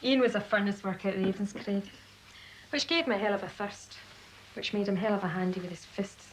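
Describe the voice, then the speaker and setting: A woman's voice: medium pitch, a little fast, a little hiss or hum, lightly acted, poor audio. An actress playing a worldly woman who speaks in a dry, sardonic way about her past. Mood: wry. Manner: wry, sardonic. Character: worldly woman, bitter and wry. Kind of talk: TV drama acting.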